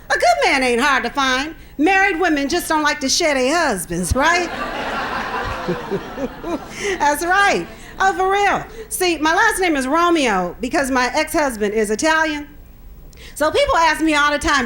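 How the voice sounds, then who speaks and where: A woman's voice: high-pitched, very animated, a little slow, pauses often, background noise. A middle-aged woman doing a stand-up comedy set, sassy and punchy, laughing at her own jokes.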